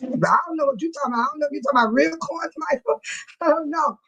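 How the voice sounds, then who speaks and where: A woman's voice: sits high, racing, fairly bright tone, highs cut off. A middle-aged woman hosting a casual livestream, reading chat comments aloud and laughing often. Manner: sweating and fanning herself after dancing. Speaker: livestream host.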